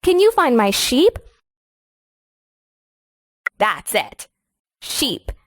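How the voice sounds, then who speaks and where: Annie, a sunny farm guide. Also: female voice, fairly high pitch, wildly swooping pitch, no echo, clean studio sound, exaggerated voice. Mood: sunny, encouraging. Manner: slow, sing-song, encouraging. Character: cheerful young woman farmer guiding kids. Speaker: game guide character. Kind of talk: scripted children's game voice-over.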